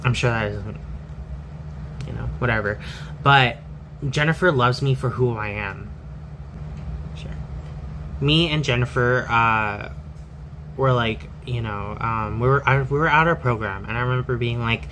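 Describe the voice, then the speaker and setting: A man's voice: mid-range voice, a little slow, long pauses, a bit bright, a little hiss or hum, poor audio. A man with a mid-range voice tells a personal story. He rambles candidly and keeps restarting his sentences. He fills the gaps with "um" and "you know.".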